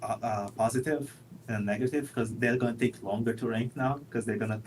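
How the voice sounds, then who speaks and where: A man's voice: mid-range voice, fairly even intonation, fairly quick. Young male co-host, casual, dry delivery, slight background noise on his mic. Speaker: stream co-host. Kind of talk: casual stream chat.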